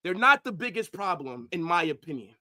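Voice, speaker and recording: A man ranting angrily on a football livestream, profane, swinging from shouts to low mutters. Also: big pitch swings, fairly quick. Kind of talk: livestream rant.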